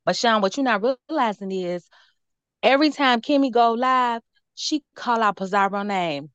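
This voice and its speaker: A woman co-hosting a chat stream, speaking quickly, directly and emphatically. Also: on the high side, a bit bright, clean tone, dry recording, dull audio. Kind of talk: casual commentary chat.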